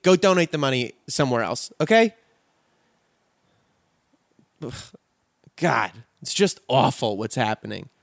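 An earnest male podcast host delivers a rousing, profanity-laced pep talk to his listeners. His voice sits at an average pitch. The sound is dry and close, with no room around it. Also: clean tone, no echo. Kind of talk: impassioned solo podcast sign-off.

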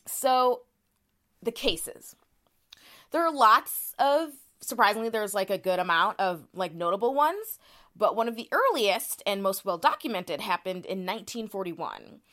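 A woman's voice: mid-range voice, expressive, unhurried, fairly bright tone. A woman co-hosting a podcast, explaining a topic in casual conversation with frequent fillers and restarts. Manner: chatty, many "like" fillers and restarts. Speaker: podcast co-host presenting research.

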